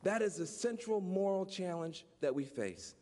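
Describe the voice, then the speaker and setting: A man's voice: high voice, expressive, moderate pace, warm tone. A man giving a humorous conference speech to an audience, folksy and teasing, then turning earnest and preacher-like. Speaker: keynote speaker, activist. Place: large lecture hall. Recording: long hall reverb, faint room noise.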